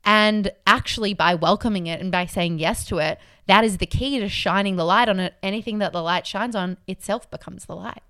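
A woman's voice: medium pitch, a little fast, hardly any pauses, fairly bright tone, clear, resonant tone, dry recording, studio quality. A young woman co-hosting a casual chat podcast, telling stories animatedly and acting out quotes in playful voices. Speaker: podcast co-host.

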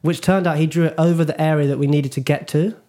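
A man's voice: fairly high pitch, fairly even intonation, fast, warm tone. Young British man rambling through stories. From Britain. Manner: rambling storyteller with many fillers and restarts. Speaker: podcast host. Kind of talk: casual chat.

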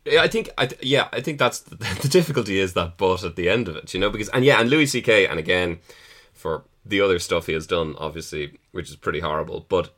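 A man's voice: low voice, lively intonation, a bit bright. A man in casual chat about comedy, thinking aloud with hedges and restarts. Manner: measured, hedging, thinks aloud. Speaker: podcast co-host.

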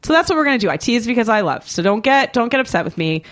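A woman's voice: on the high side, very animated, quick pace. Teasing chatty woman podcast host. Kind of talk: casual podcast chat.

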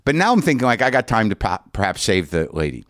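A man hosting a podcast, telling a long comic story in an animated, profane, self-mocking way. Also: fairly low pitch, quick pace, no room sound, clean studio sound. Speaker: podcast host.

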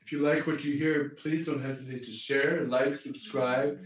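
A man's voice: medium pitch, fairly even intonation, moderate pace. A podcast host who grew up in Canada talks in a rambling, casual way, chuckling often and restarting his sentences. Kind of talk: casual faith chat. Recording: roomy echo, mic at a distance.

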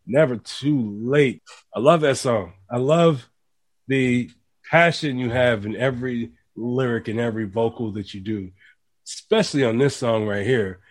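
A male radio host in a casual interview. He talks in animated, preachy bursts and builds his points with rising emphasis. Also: mid-range voice, a little slow, soft background music.

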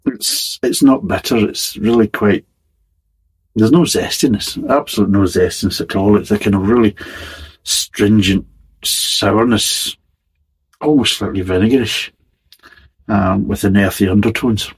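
A man's voice: on the low side, a little slow, long pauses, slightly rough, low-quality recording. A man giving a casual, blunt and sweary spoken beer review with a wry, exasperated manner.

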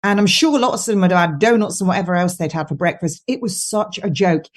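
This is a casual podcast chat with a guest nutritionist, a woman from the United Kingdom who jokes mockingly and laughs often through her stories. Her pitch is fairly low and she talks fairly quickly.

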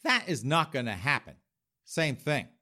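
A man's voice: on the high side, big pitch swings, a little slow, sharp tone. A man hosting a podcast, delivering a sarcastic, campy comedic monologue. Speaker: podcast host.

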